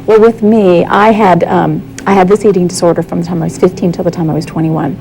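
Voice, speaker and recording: A woman's voice: fairly low pitch, fairly even intonation, fast talker, gravelly, dark tone, faint music behind, rough recording. Earnest woman telling her story. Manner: earnest, candid storytelling with quoted dialogue. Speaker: guest. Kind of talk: personal testimony.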